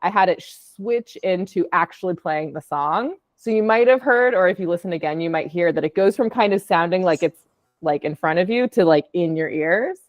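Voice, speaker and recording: A woman's voice: fairly low pitch, animated, normal speed, dry recording, clean studio sound, faint music behind. A woman, an audio artist, casually presenting her work on a call in a chatty, upbeat way with lots of fillers. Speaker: podcast producer and audio artist.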